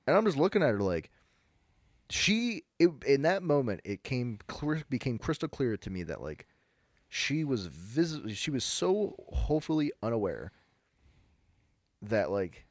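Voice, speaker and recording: A young podcast co-host rambles through stories in casual chat, acting out what people said and peppering it with "dude" and "bro." His medium-pitched voice swings widely and moves unhurriedly, with no room sound.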